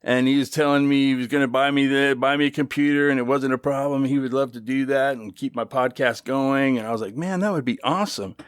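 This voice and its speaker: A man's voice: medium pitch, steady tone, a little fast, hardly any pauses, clear, resonant tone, dry recording, clean studio sound. A middle-aged man hosting his own podcast, telling a story in a loose, chatty way with swearing and asides. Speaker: podcast host. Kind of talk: casual storytelling monologue.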